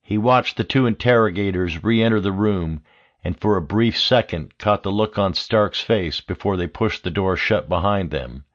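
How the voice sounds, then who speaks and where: A man narrating an audiobook thriller in a steady, measured reading. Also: low-pitched, muffled recording. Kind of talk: scripted narration.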